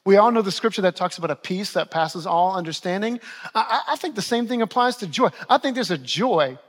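A man's voice: high-pitched, expressive, fairly quick. A man in his forties, a pastor preaching a sermon, repeating key phrases and asking the congregation questions.

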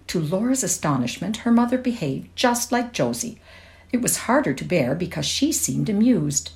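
A woman reading a classic short story aloud in a measured, expressive way. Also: medium pitch. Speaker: reader.

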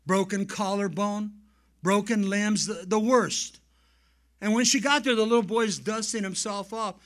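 A male pastor preaching a sermon and telling stories, swinging from soft asides to loud emphasis. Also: high voice. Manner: animated storyteller, swings between soft and loud. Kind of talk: sermon with storytelling.

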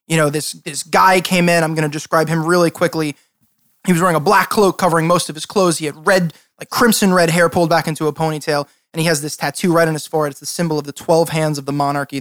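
A man's voice: a little high, a bit bright, no echo, studio quality. A man narrating a tabletop game as game master in a casual, rambling way. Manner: casual, rambling, quick to laugh.

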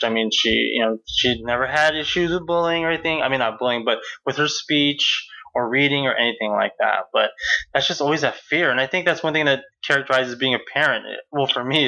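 A man's voice: medium pitch, a little fast, pushed and bright, muffled recording. A middle-aged man hosting a casual chat about parenting, rambling with many fillers and restarts. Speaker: podcast host.

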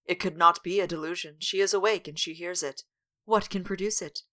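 A woman's voice: lowish voice, steady tone, fairly quick, sharp tone. A woman co-hosting a podcast, reading a gothic novel aloud with dramatic weight and breaking in with wry jokes. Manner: dramatic read-aloud broken by wry asides.

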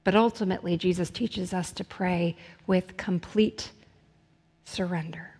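A woman's voice: lowish voice, fairly even intonation, normal speed, a little mellow. Woman preaching in a reverberant hall. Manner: earnest, builds intensity with repeated phrases. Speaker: pastor. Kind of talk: sermon.

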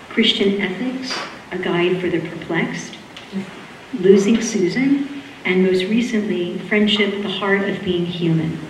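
Boston-accented woman host, rambling intro full of "um"s, distant mic in a reverberant hall. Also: medium pitch. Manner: warm rambling with fillers and laughs. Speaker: school event host introducing speakers. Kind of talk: live lecture introduction. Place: lecture hall. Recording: echoey hall, distant mic, faint room noise.

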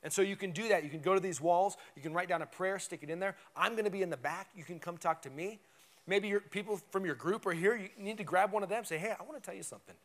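Inside a church sanctuary, a male pastor with a high, slightly bright voice talks fast through an emphatic, conversational sermon, frequently checking in with "right?".

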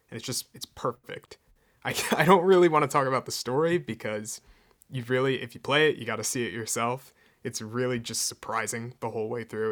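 A man's voice: medium pitch, fairly bright tone. Man gushing on a casual podcast. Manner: enthusiastic, gushing. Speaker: podcast co-host.

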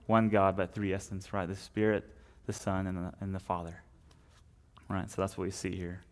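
Young adult male preacher, lowish voice, conversational sermon, many "right?" tags and restarts. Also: completely flat delivery, moderate pace.

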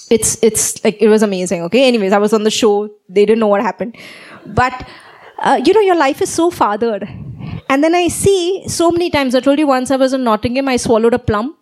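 A woman preacher giving a sermon, telling a personal story in an animated way and often checking in with "okay?". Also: on the high side, brisk.

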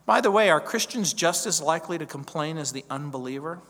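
High-voiced pastor preaching in a reverberant hall. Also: male voice, expressive, a little fast, fairly bright tone. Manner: emphatic, builds repeated phrases and rhetorical questions. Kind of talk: verse-by-verse sermon.

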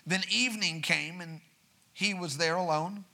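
A man preaching a sermon in a church. He reads scripture quietly, asks the congregation for responses, and then builds to raised, urgent preaching. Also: high voice, unhurried, creaky.

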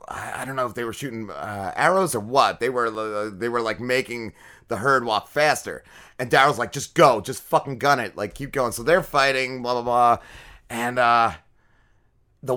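A man's voice: mid-range voice, sharp tone, clean tone. A man co-hosting a podcast, casually recapping an episode with lots of swearing and fillers. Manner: rambling, profanity-heavy episode recap full of fillers. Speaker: podcast co-host. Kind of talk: casual chat.

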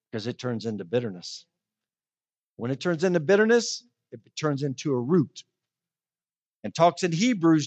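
A woman preaching a sermon, telling stories with animation and slowing down to stress key words. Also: on the low side, highs cut off. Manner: animated storytelling, slows down for emphasis.

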